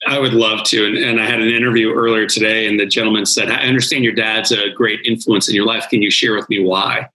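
A man's voice: on the low side, flat delivery, quick pace, few pauses, sharp tone, rough recording. A man, a guest speaker on a podcast interview, telling his life story in an earnest, dramatic way.

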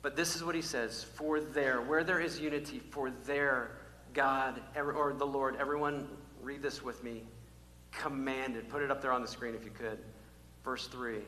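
A man preaching a sermon as pastor, animated, drawing out key words slowly for emphasis. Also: medium pitch. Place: church sanctuary. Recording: echoey church hall, faint hum.

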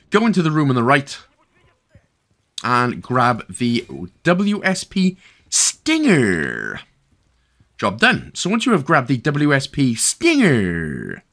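A man's voice: mid-range voice, sharp tone. A man from Wales talking through a game walkthrough, chatty and joking with the player as he goes. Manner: chatty, jokey asides, talks to the player. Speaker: game guide narrator. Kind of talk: casual game walkthrough commentary.

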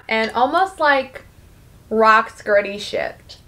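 A young woman talking casually and quickly as she recaps a musical, dropping into quick voices for the characters. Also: sits high, animated, fairly bright tone. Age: young adult. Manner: chatty, fast, acts out the lines with quick put-on voices. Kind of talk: casual recap while eating.

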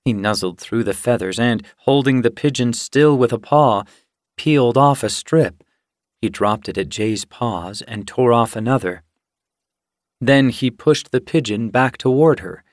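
A man reading an audiobook in scripted, measured narration. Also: mid-range voice, no echo, clean studio sound. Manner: measured, unhurried storytelling.

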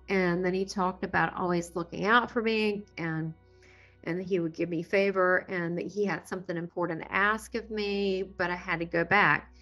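A woman giving a personal testimony as a guest, animated and full of awe, often breaking into laughter. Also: on the low side, moderate pace, faint music behind. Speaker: near-death experiencer guest.

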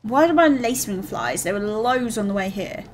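Gushy young uk woman playing a game, slow talker, lively pitch, faint hiss behind. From United Kingdom. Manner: excitable, gushing, reads item text aloud. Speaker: gaming streamer. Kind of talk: let's play commentary.

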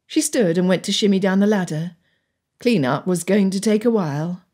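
A woman with a medium-pitched voice narrates an audiobook from a script, telling the story in an even, measured way.

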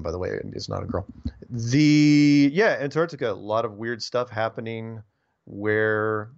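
A low-pitched man talks casually through listener mail, rambling and tripping over repeated words. The recording is dull and lo-fi, with the top end rolled off. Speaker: radio show host reading listener emails. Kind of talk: casual radio talk.

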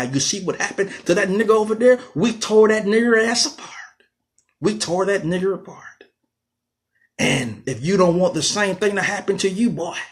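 A man voicing a cruel, menacing male slave overseer who jeers and taunts slowly. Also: fairly high pitch, a bit bright, natural voice. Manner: taunting, jeering, slow and mocking.

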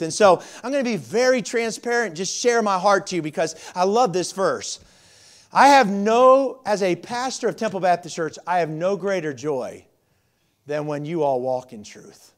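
A man in his forties preaching a sermon as pastor, swinging from loud emphasis to quiet, confiding asides. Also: sits high, animated, moderate pace.

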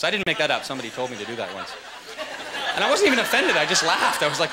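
A man's voice: fairly high pitch, very animated, quick pace, heavy background noise. A man doing a stand-up comedy set on a live stage, in a loose, joking manner with rhetorical asides. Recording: live stage mic with loud crowd laughter.

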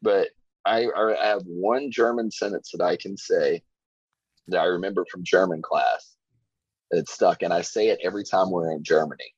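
A man's voice: sits low, moderate pace, slightly rough, no room sound, highs cut off. A man from Virginia in his forties, a podcast guest telling stories in a laid-back way, full of "like" and "you know". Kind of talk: casual chat.

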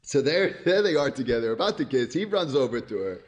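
A man excitedly narrating his cartoon idea, laughing through it and acting out sound effects and cries. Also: medium pitch, brisk. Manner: keeps laughing at his own story. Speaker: animator pitching a cartoon. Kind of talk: excited story pitch narration.

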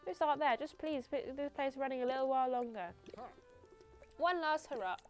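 Woman reading a weary game town boss, bleak and resigned, soft music under. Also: sits high, normal speed, lightly acted. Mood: gloomy.

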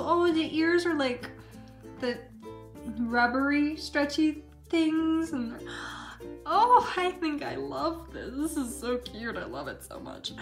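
A woman's voice: high-pitched, roomy sound. A woman unboxing toys in casual chat, hyper and gushing, gasping over each new find. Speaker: toy reviewer.

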